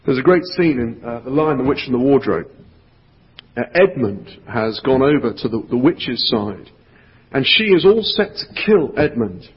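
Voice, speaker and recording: A male pastor giving an earnest sermon, reading a storybook aloud and dropping to a hushed voice for emphasis. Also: mid-range voice, very animated, moderate pace, breathy edge. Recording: echoey hall, dull lo-fi sound.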